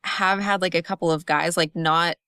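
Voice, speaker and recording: A woman's voice: on the low side, steady tone, normal speed, bright, forceful tone, clean tone, dry recording, clean studio sound. A woman who is a podcast guest, speaking hesitantly and filling her speech with "like" and "you know.". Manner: hesitant, full of fillers like "like". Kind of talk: casual podcast conversation.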